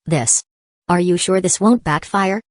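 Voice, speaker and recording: A woman's voice: on the low side, measured pace, no echo, studio quality, lightly acted. A woman voicing a cautious young woman agent who questions the plan with concern, in an audiobook reading. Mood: worried. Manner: worried, questioning.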